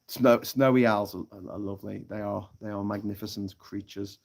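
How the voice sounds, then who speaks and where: A man's voice: on the low side, fairly even intonation, moderate pace, gravelly, few pauses, a little mellow. A man hosting a live stream from outdoors, rambling, swearing and laughing as he reads out viewer comments. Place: hammock on an island lagoon, outdoors.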